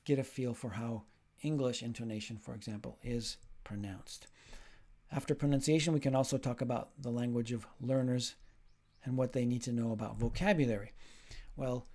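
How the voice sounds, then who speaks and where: A man's voice: medium pitch, darkish tone. A man teaching a recorded lecture, explaining ideas step by step and putting questions to the listener. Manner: demonstrates sounds and rhythm drills.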